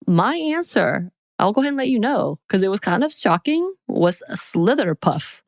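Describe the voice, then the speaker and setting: A woman's voice: mid-range voice, sing-song, moderate pace, dry recording, clean studio sound. A woman co-hosting a podcast, reading quiz questions aloud in a playful, casual chat. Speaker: podcast co-host.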